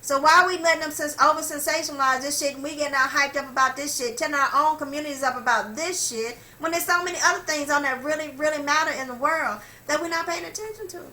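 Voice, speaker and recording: A woman's voice: high voice, fast talker, hardly any pauses, sharp tone, a little hiss or hum, low-quality recording. A woman vlogger in an impassioned, profane rant to camera, blunt and repetitive, speaking straight to her viewers. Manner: blunt, heavily profane, repeats herself for emphasis; talks straight to viewers, calls them y'all.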